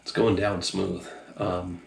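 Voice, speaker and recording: Low-voiced tipsy man in echoey room. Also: level tone, slow, creaky, slight background noise. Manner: loose, profane, rambling with many fillers. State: a little tipsy. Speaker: drinks reviewer. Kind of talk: casual review vlog.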